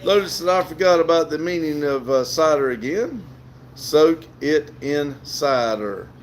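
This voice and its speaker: A man's voice: on the high side, lively intonation, measured pace, slight background noise. A middle-aged man with a Southern US accent hosts a casual livestream outdoors, reading viewer comments aloud and laughing often. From southern United States. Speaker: livestream host reading chat. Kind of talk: casual live chat.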